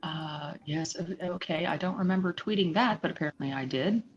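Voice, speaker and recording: A woman's voice: low-pitched, brisk, dull audio, slight background noise. A woman casually chatting on a live stream, rambling and laughing at herself. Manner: rambling, self-deprecating, laughs often.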